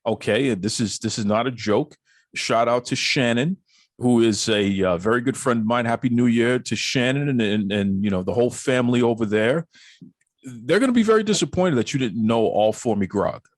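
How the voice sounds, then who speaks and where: A man's voice: mid-range voice, moderate pace, no room sound, clean studio sound. A man hosting a podcast in casual chat, jokey and teasing, laughing often. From Boston area. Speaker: podcast host.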